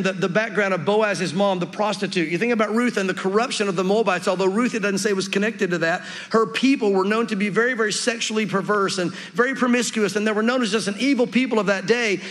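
A man's voice: high-pitched, a bit bright. A man preaching a sermon as a pastor in a church, conversational and earnest, acting out the people in the story. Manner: conversational, earnest, acts out quotes. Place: church sanctuary. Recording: long reverb of a church hall.

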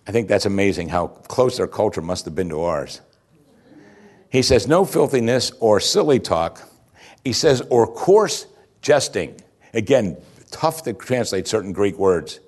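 A man preaching a sermon, explaining scripture in an animated way with chuckling asides and emphatic rising peaks. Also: lowish voice, a little slow, husky. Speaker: pastor.

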